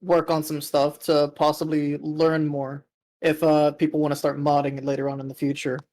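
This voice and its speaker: Flat, slow-spoken man in voice chat. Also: a little high, no room sound. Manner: slow, hesitant. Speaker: fan asking a question. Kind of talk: casual voice chat.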